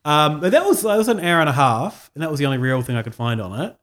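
A man's voice: a little high, lively intonation, fast, fairly bright tone. A man with a New Zealand accent co-hosting a casual podcast, rambling with frequent laughs. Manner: rambling, laughs often, many fillers. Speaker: podcast co-host. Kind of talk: casual chat.

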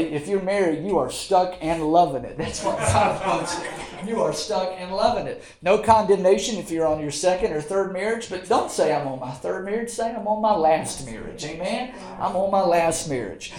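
A man preaching in a church with a notably high voice, speaking in a folksy, joking manner. The sound carries a roomy echo from the sanctuary. He is middle-aged. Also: a little mellow. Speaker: pastor. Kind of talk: sermon. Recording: echoey church room.

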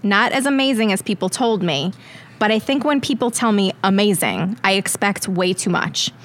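A woman's voice: mid-range voice, moderate pace, natural voice. A woman putting on a blunt, exaggerated Long Island accent to read restaurant reviews aloud. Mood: deadpan.

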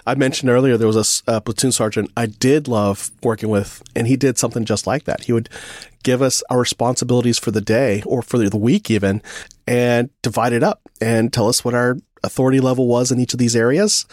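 Guy telling a lively army story, acting out the quotes, mid pitched voice, dry mic. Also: a little fast, no echo. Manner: animated storyteller, acts out quotes, laughs often. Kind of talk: casual storytelling chat.

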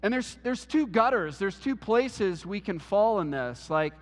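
A man's voice: high voice, animated, unhurried, long reverb tail. A man preaching a sermon in a church, earnest, often restarting words and using "like" as a filler. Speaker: pastor.

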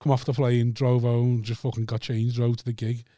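A man's voice: medium pitch, level tone, normal speed, dark tone, dry recording, studio quality. A man co-hosting a comedy podcast, telling stand-up stories in sweary, laughing banter. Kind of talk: casual banter.

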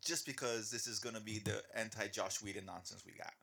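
A man with a gravelly voice chimes into a casual chat. He stammers and hesitates, and a crowd murmurs behind him. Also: on the low side, brisk.

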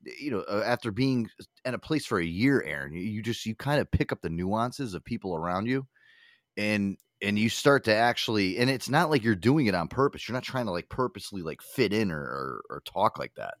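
A low-pitched man with a lively, swinging delivery, hosting a talk show in loose, profane chat. He rambles and restarts his sentences. The sound is dry and close on the mic. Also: a little fast, no echo. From Connecticut. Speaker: radio show host. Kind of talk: casual chat.

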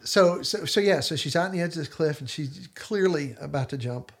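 A man's voice: on the high side, normal speed. A man hosting a casual discussion podcast, retelling scenes in detailed storytelling fashion. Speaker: podcast host.

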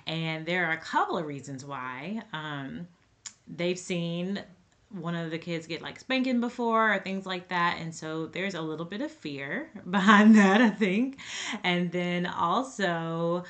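A woman's voice: lowish voice, unhurried, a bit bright. A woman in her thirties hosting a parenting podcast, talking casually and informally straight to her listeners. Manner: chatty and informal, addresses listeners as y'all and sisters. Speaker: podcast host and parenting coach.

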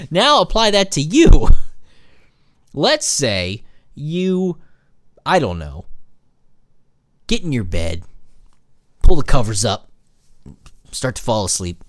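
Animated, jokey man telling stories. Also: lowish voice, unhurried, pauses often, no echo, studio quality. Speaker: podcast host and new father. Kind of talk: casual monologue.

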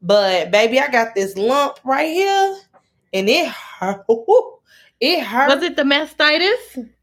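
A woman chatting casually, expressive, emphatic and playful. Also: sits high, slow pace. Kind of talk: casual chat.

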